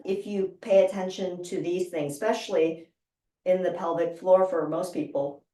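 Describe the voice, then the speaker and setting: A woman instructor calmly guiding a breathing exercise with slow, measured cues. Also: lowish voice. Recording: roomy sound from a distance.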